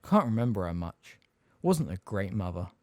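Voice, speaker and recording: A huge, blunt half-giant gamekeeper, read by a man in an audiobook, plain-spoken and homely. His voice rolls up and down with lively swings of pitch, set against a dry, close recording. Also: moderate pace, dry recording. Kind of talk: audiobook character reading.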